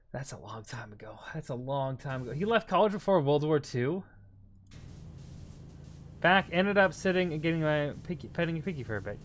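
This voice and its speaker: A man streaming and chatting casually with viewers, animated and loose, with casual swearing and slang. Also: fairly high pitch, a little hiss or hum. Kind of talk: casual livestream chat.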